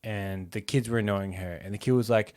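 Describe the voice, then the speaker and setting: A man co-hosting a podcast in casual chat, playful and quick to act out silly bits. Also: on the low side, steady tone, darkish tone. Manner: playful, acts out silly voices. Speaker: podcast co-host.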